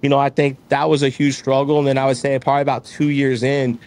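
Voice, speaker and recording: A man's voice: medium pitch, fast talker, a little hiss or hum. A man in his thirties, a business owner being interviewed, talking candidly and acting out the voices of people in his stories. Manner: candid, animated storytelling, acts out quoted voices. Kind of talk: casual conversational interview.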